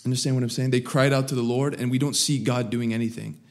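A man preaching a sermon, swinging between raised, emphatic lines and low, quiet asides. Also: fairly even intonation, fast. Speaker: pastor.

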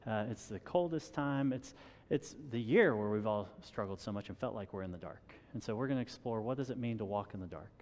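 A man's voice: fairly low pitch, expressive, fairly quick, few pauses, a little mellow. Guy giving a sermon, super casual and chatty, keeps restarting his sentences, long hall echo. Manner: conversational, self-deprecating with chuckles and repeated restarts. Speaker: pastor.

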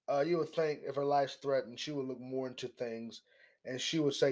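A man hosting a political commentary monologue, animated and mocking, often repeating his words. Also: medium pitch, brisk. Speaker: commentary host.

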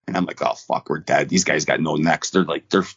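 A man co-hosting a podcast, telling rough bar stories in a fast, profane, rambling way full of restarts. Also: rumbling low, no echo, muffled recording. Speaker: podcast co-host. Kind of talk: casual storytelling.

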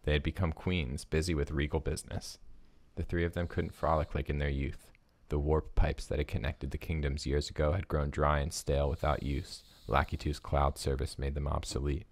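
A man's voice: very deep voice, flat delivery, normal speed, no room sound. A man co-hosting a podcast who reads a story aloud, chuckling at times, and chats casually. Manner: laughs while reading, lots of fillers in chat. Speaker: podcast co-host. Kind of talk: reading a story aloud, then casual chat.

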